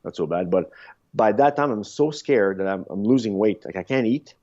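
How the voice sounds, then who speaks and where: A man in his fifties, a podcast guest, telling rambling, animated stories in a casual interview, with frequent restarts. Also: fairly low pitch, normal speed. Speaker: podcast guest, former luge athlete. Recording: dull lo-fi sound.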